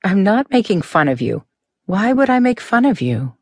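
A woman's voice: medium pitch, very animated, moderate pace, dry recording, voice pushed up. A woman voicing a cool-headed teenage boy in an audiobook, dry and mocking in her delivery. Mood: teasing.

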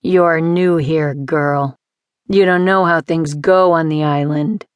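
A woman voicing a surly, gruff man who works as a mixer, speaking curtly in an audiobook. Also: low-pitched, steady tone, takes it slowly, no room sound. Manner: curt, grumbling.

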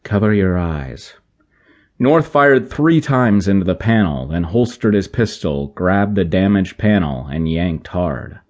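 A man narrating an action sci-fi audiobook in a measured, even way. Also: sits low, dull audio. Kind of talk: scripted narration.

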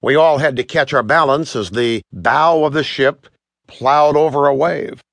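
A man narrating a children's audiobook in an animated, expressive storytelling manner, recorded close to a studio mic. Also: mid-range voice, unhurried, gravelly, no echo.

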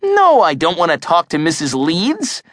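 A man's voice: high voice, big pitch swings, unhurried, a bit bright, no echo, studio quality, pitched above the performer's own voice, heavily acted. A man voicing a level-headed, impatient boy in an audiobook, with an exasperated, matter-of-fact manner. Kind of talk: audiobook character voice.

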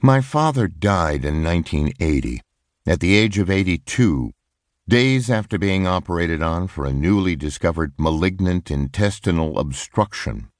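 A man reading a reflective nonfiction audiobook in a measured, solemn way. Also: deep voice, lively intonation, dry recording, studio quality. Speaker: audiobook narrator. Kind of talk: scripted audiobook narration. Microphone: close studio microphone.

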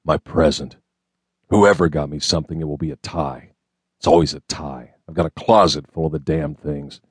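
Guy reading a gruff brooding fed agent, low voice, dry close sound, clipped lines. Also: steady tone, normal speed, no room sound. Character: grim brooding male federal agent. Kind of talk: audiobook character reading.

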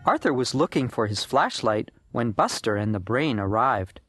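A man narrating a children's audiobook in a gentle, expressive storytelling way. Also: mid-range voice, normal speed, no room sound, clean studio sound, faint music behind. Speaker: narrator and author.

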